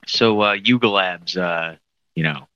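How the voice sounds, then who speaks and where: A man's voice: deep voice, a little slow, pushed and bright, slight background noise. A man from New Jersey co-hosting a comedy podcast, teasing and joking with his partner. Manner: teasing, jokey. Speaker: podcast co-host. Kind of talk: casual comedic chat. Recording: dull lo-fi sound, dry.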